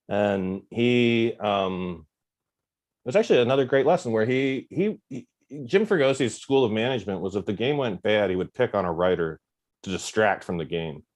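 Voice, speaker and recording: A man, a guest on a podcast, telling self-deprecating stories in a lively, casual way. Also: lowish voice. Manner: animated, self-deprecating anecdotes with quoted dialogue. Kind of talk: casual storytelling.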